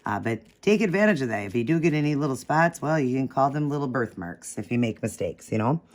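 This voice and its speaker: A man's voice: mid-range voice, lively intonation, fast. A man hosting a casual step-by-step craft tutorial, chatting while he works and correcting his own slips of the tongue.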